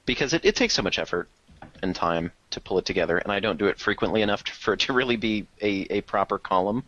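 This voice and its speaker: Laid back guy talking about his columns, kinda low voice, lo-fi stream sound. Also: animated, fast, a bit bright. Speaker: site columnist. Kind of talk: casual chat. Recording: muffled lo-fi livestream audio.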